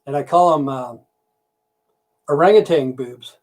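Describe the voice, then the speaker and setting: A man with a voice pitched a little above most men's rambles through a crude joke on his livestream. He is a trucker who swears constantly and keeps losing the thread as he tells the story. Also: measured pace, darkish tone. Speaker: livestream host.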